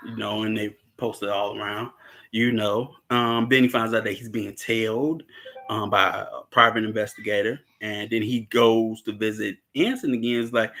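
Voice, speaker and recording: Bright-voiced man recapping a film. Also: on the low side. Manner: rambling, chuckles often, acts out characters' lines. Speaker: movie discussion participant. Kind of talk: casual chat recapping a film.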